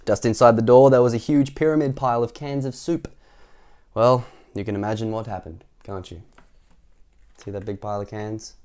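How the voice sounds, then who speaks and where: Young male storytime host, lowish voice, relaxed read-aloud with chuckled comments. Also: normal speed. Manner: chuckling asides between read passages.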